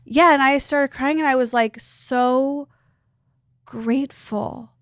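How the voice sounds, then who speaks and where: A woman in her thirties tells a personal story as a podcast guest. Her voice sits high and sounds dry and close. She rambles earnestly and fills her talk with "like". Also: takes it slowly, no echo. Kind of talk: casual chat, personal storytelling.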